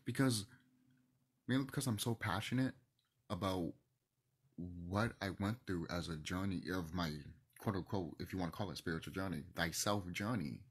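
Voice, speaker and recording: A man ranting in a passionate monologue to camera, swinging between loud outbursts and hushed near-whispers, emotional and swearing. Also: low voice, normal speed, breathy edge. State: emotional, teary. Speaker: video host.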